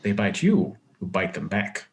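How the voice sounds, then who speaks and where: A man voicing a big, beefy, hearty male caretaker who teases with gruff good humor in a tabletop game. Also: on the low side, big pitch swings, measured pace, a little hiss or hum. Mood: jovial.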